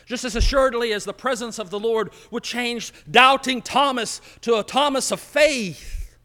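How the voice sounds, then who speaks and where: A man preaching a sermon as pastor, slow and emphatic, dropping to a hush on key words, recorded in an empty church. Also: very high-pitched, big-room sound. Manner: slow, emphatic preaching with dramatic drops to quiet.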